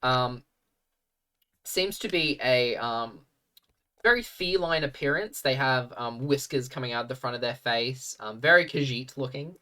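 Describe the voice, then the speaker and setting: Bright-voiced man running a tabletop game. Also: medium pitch, far from the mic. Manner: halting, filler-heavy narration. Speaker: game master.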